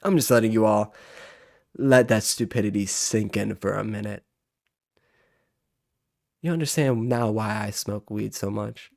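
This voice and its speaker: A man in his 20s with a lowish, a little mellow, creaky voice speaks a little slowly with long pauses, recorded dry in clean studio sound. Hosting a reaction video, he rants in a heated, profane, exasperated manner.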